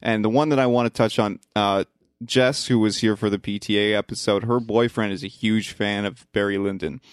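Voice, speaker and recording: A man hosting a casual podcast chat about films, relaxed and chatty, laughing often. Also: lowish voice, brisk, clear, resonant tone, dry recording, clean studio sound. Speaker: podcast host. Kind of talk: casual film discussion.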